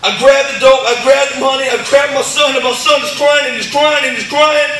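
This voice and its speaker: A man giving an impassioned church testimony, stammering through repeated words and building up to shouts. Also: extremely high pitch, fairly even intonation, fairly quick, very echoey, far from the mic, low-quality recording. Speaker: testimony speaker. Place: church hall.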